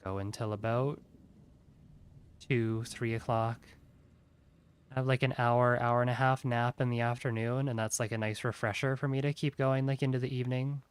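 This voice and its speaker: A tired man rambles casually while streaming a game, yawning often and leaning heavily on "like." His voice is smooth and medium-pitched, with fairly even intonation and a moderate pace.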